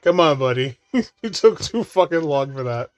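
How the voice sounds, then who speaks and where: Laughing often and swearing freely, a man provides casual watch-along commentary on a movie, riffing jokes. His voice is a little high and expressive, at a moderate pace.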